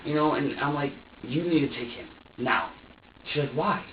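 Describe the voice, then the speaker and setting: A man's voice: medium pitch, lively intonation, moderate pace, slight background noise. A man in a police interrogation, talking in an agitated, profane rant. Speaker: suspect. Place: interrogation room. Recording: dull echoey room audio from a distant mic.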